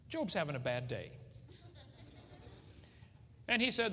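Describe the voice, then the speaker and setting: Joking and quizzing the crowd, a middle-aged creationist preaches with folksy humor at a seminar. He sounds on the high side, very animated and a bit bright, speaking at normal speed with long pauses; there's slight hiss or hum, hall reverb and faint ambience.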